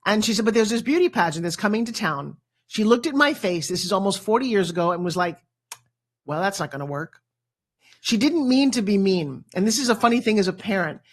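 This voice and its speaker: A woman in her fifties, a motivational speaker, telling a personal story as a talk show guest with dramatic, animated delivery. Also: medium pitch. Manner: animated, dramatic storyteller who acts out quotes.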